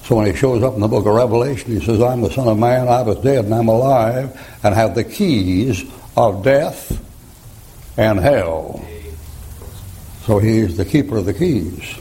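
Gravelly folksy preacher. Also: male voice, lowish voice, measured pace, dark tone, a little hiss or hum, rough recording. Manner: folksy, joking, laughs at own stories. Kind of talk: folksy sermon.

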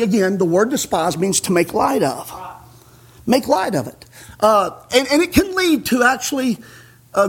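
A man preaching a folksy sermon in a very high, husky voice. He chuckles along, peppers his lines with "amen," and builds to fervent shouts. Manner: punctuates with "amen".

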